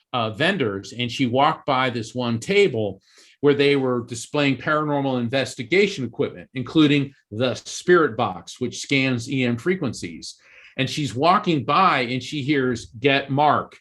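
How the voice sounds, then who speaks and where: Speaking at a medium pitch with a slightly bright quality, an East Coast Florida author tells a story as an interview guest. He is earnest and animated, and he keeps restarting his sentences.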